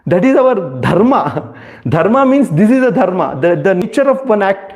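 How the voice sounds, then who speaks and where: A man's voice: high voice, sing-song, moderate pace, a little mellow. A man giving a devotional talk, searching for words with many fillers and asking rhetorical questions. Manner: rhetorical questions, rising emphasis. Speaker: spiritual speaker.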